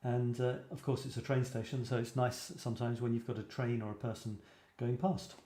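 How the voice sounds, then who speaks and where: A man's voice: mid-range voice, level tone, a little fast, mellow. A British man hosting a casual photography show, rambling with self-deprecating asides. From Britain. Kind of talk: casual livestream chat. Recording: echoey room.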